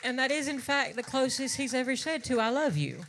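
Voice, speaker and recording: A woman's voice: high-pitched, sing-song, brisk, a crowd in the background, noisy background. A woman from Southwest Virginia with an Appalachian accent, chatting on a venue stage between songs in a folksy, rambling way. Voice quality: folksy and rambling, says y'all, swears for emphasis. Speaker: singer and drag performer. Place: live music venue stage.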